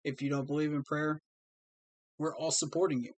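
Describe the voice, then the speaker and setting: Male fan streamer, slightly raised pitch, sincere and heartfelt, dry close mic. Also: flat delivery, normal speed, no room sound. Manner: earnest, heartfelt, repeats "man". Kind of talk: livestream talk to fans.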